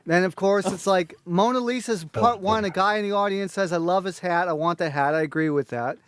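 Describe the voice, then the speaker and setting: A high-pitched man rattles off a long list of complaints, cursing as he goes. His voice sounds close and dry, with no room around it. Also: fairly bright tone, clean tone, dry recording. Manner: rapid, blunt, swears constantly. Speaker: panelist ranking concert recordings. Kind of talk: profane critical rant.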